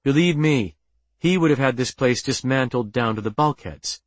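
A man's voice: mid-range voice, normal speed, dry recording, natural voice. A man voicing an earnest, persistent woman officer who talks in a pleading, insistent way.

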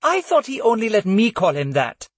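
Male reader doing a teasing young woman, high pitched. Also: wildly swooping pitch, normal speed, slightly rough, dry recording, heavily acted. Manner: teasing, snickering. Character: playful young woman adventurer.

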